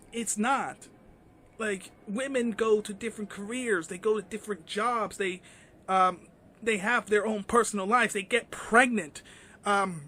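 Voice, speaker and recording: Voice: mid-range voice, bright, forceful tone. A vlogger giving an indignant, ranting commentary, full of fillers and swearing.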